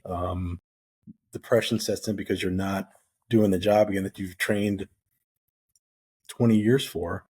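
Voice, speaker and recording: A middle-aged man from the United States speaks as a guest in a relaxed interview, with a husky voice that sits low. He tells his story in a lively way and acts out the lines of the people in it. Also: a little slow, pauses often. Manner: animated storyteller who acts out quoted dialogue. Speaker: guest, retired Navy SEAL.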